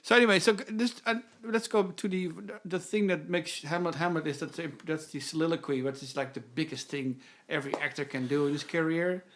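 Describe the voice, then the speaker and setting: Halting, bit higher-voiced man chatting. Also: fairly bright tone, a little hiss or hum. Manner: halting, many restarts, mock-dramatic recitations. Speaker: podcast host. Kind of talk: casual chat.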